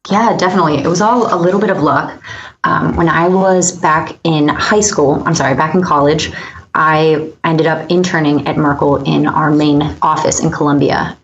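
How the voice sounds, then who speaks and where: A woman's voice: deep voice, dull audio, a little hiss or hum. A young woman speaking as a guest in a podcast interview, upbeat and friendly.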